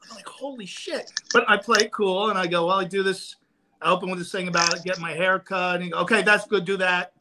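A man's voice: high-pitched, quick pace, very noisy. A man telling a stand-up comedy story casually on a podcast, acting out the quotes. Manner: animated, acts out quotes. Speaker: guest comedian. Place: podcast studio.

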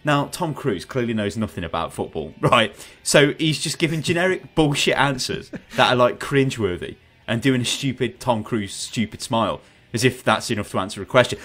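A man hosting a gaming podcast over voice chat, ranting in an animated, sarcastic way. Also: medium pitch, moderate pace, few pauses. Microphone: headset on voice chat.

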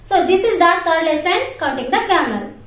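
A woman teaches young children English in an online class, spelling each word letter by letter and then saying it again. Her voice sits very high. The whole recording rings with strong room echo. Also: sing-song, normal speed, a bit bright. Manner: spells words letter by letter, repeats pronunciation. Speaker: primary school English teacher. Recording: very echoey room.

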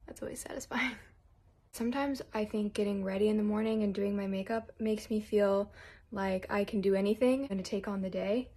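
A woman's voice: medium pitch, steady tone, fairly quick, warm tone, husky. A young woman in her twenties chatting nervously and self-deprecatingly while doing her makeup for a casual vlog. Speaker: model doing a makeup tutorial. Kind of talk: casual rambling vlog chat.

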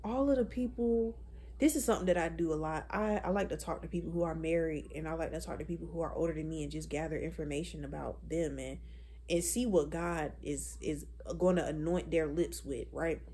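A woman in her twenties talking in a casual, blunt and profane way, animated as she vents about dating. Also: low-pitched, fairly quick, a little hiss or hum. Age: 20s. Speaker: vlogger. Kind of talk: casual chat.

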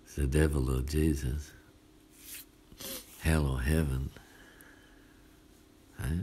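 A male pastor with an Australian accent preaches a midweek sermon in a chatty, folksy way, often asking his listeners "hey?". His voice is very low and mellow, and he talks at an unhurried pace. A faint ambient hum sits behind him. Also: level tone.

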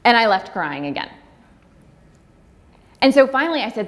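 A woman giving a personal talk, speaking candidly and heartfelt with fillers, sometimes breaking into quick, acted-out dialogue. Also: mid-range voice, expressive. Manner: acts out dialogue in quick bursts. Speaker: speaker on pregnancy loss.

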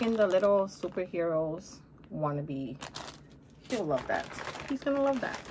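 A middle-aged woman with Spanish-accented English vlogs a shopping haul, chatting upbeat and calling her viewers honey. Her voice is mid-range, with a slight hiss or hum in the recording.

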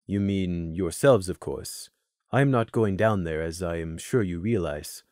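A man's voice: low-pitched, a little slow, a little mellow, dry recording, clean studio sound, voice pushed down. A man voicing a formal, polite male stag guide who speaks courteously in old-fashioned phrasing. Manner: courteous, archaic formal speech.

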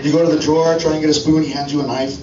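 A man's voice: on the high side, flat delivery, racing, very noisy. A man performs a stand-up comedy set in a club, chatting with the crowd and constantly asking "right?". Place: comedy club stage before a live audience. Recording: echoey club audio from a distance, dull.

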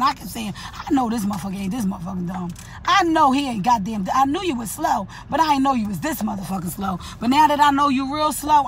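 A woman's voice: a little high, a bit bright, a little hiss or hum. A woman, ranting bluntly and profanely to her viewers about relationships in an unscripted vlog. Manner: blunt, profane, preachy, addresses viewers directly. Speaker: vlogger. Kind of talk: unscripted relationship rant to camera.

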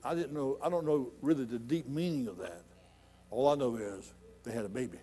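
A middle-aged man preaching a sermon in a church, folksy and conversational, building to loud emphatic points. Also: medium pitch, a little fast, soft background music. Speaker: pastor.

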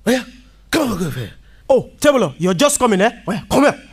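A woman's voice: medium pitch, big pitch swings, fast, background noise, pitched below the performer's own voice. A woman voicing a stern, impatient male teacher with a Nigerian accent, barking orders. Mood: gruff.

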